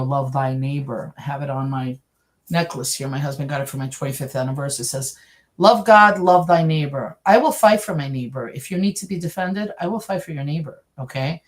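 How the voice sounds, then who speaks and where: Her voice is a low rumble and she talks briskly: a middle-aged woman from New York, guesting in an interview. She animates her tale by acting out how the others in it sounded.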